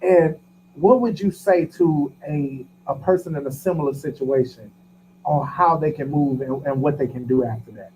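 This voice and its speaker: A man co-hosting a podcast, asking a guest a question in a measured, halting way. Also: fairly high pitch, darkish tone. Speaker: podcast co-host. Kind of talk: interview questions. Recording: dull lo-fi audio with faint hum.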